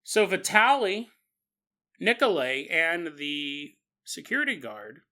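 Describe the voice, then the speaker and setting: A man with a fairly high, bright voice narrates a paranormal tale as a podcast host. He talks casually and with energy, chuckling and throwing in asides to the listener. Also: slow. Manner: animated, chuckling, conversational asides.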